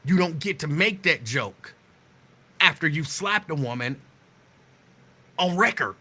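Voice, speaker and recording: A man hosting a talk show, delivering a sarcastic, animated monologue that riffs on the news. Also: on the high side, a little slow. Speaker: show host.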